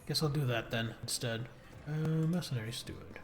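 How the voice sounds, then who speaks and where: A man's voice: mid-range voice, normal speed, gravelly. A man streaming a video game live, chatting with viewers and reading on-screen text aloud.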